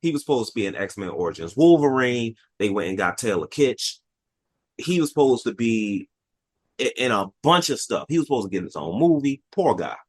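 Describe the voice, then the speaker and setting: Animated young man telling movie stories. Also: mid-range voice, brisk, husky, no echo. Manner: animated storyteller, acts out quotes in raised voices. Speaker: podcast host. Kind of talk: casual movie review chat.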